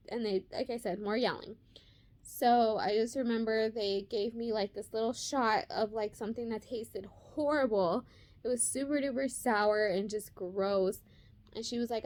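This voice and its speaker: A woman's voice: fairly high pitch, fairly even intonation. Emotional young woman retelling her birth. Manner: emotional, fast-paced retelling with many fillers. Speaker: vlogger telling her birth story. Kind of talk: casual personal storytelling.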